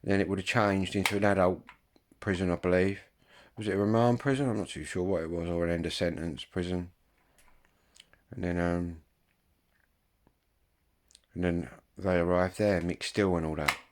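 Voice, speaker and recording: A man's voice: low voice, steady tone, moderate pace, long pauses. A man, chatting casually to viewers in a rambling way, full of ums and swearing. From Kent, England. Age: 50s. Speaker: vlogger.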